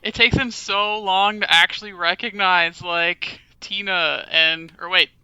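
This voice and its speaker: A woman guest on a podcast, chatting casually with amused, quick reactions. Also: on the low side, fairly even intonation, bright, forceful tone, smooth, no echo, dull audio. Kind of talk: casual chat.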